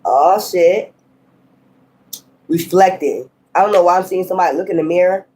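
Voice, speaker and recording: A woman's voice: fairly low pitch, moderate pace, mellow. Woman tarot reader, casual and unscripted; blunt, profane, scolding tone.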